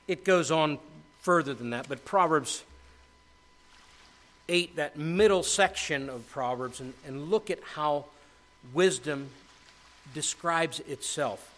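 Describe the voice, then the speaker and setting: A middle-aged man preaching a sermon as pastor, often restarting his words and growing animated. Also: fairly high pitch, takes it slowly.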